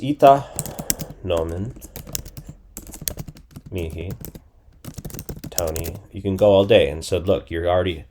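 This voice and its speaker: Slow, mellow-voiced man in his forties. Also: low-pitched, slight background noise. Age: 40s. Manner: thinking aloud, guessing phrases and repeating them. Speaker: language teacher. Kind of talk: casual screen-recorded lesson.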